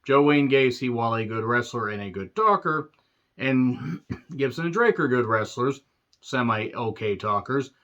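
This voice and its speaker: A man's voice: medium pitch, measured pace, fairly bright tone, highs cut off. A man reviewing a wrestling show in a sarcastic, profane, exasperated rant.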